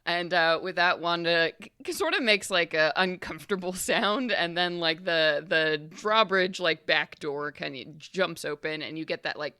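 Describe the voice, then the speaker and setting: A woman's voice: fairly low pitch, moderate pace, few pauses, bright, forceful tone, clean tone, dry recording, studio quality. A woman narrating as game master of a tabletop game, casual and full of fillers.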